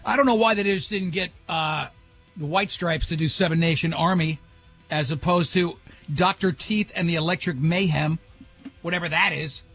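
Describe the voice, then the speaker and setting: A man's voice: a little high, moderate pace, fairly bright tone, husky, soft background music. A man hosting a morning radio show, rambling and joking in casual banter.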